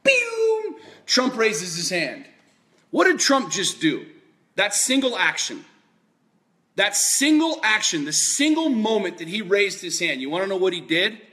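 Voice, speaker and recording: A man's voice: high voice, very animated, a little slow, sharp tone. A man giving a fired-up political monologue, emphatic and repetitive, with lots of swearing. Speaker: political commentator.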